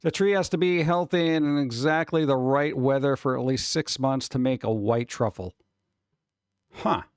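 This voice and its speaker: A man's voice: mid-range voice, normal speed, clean tone, dry recording. A man hosting a livestream in casual chat, rambling, swearing casually and reading news aloud. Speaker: streamer host.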